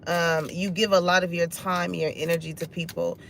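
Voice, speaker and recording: A woman's voice: fairly low pitch, little pitch movement, moderate pace, gravelly, a bit bright, a little hiss or hum. A woman giving a casual tarot reading, laughing often and swearing freely. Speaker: tarot reader.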